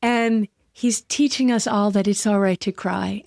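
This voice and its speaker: A woman hosting a solo podcast, talking candidly and with heartfelt, gentle emotion. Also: mid-range voice, steady tone, moderate pace, creaky, hardly any pauses, no echo, studio quality. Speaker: podcast host.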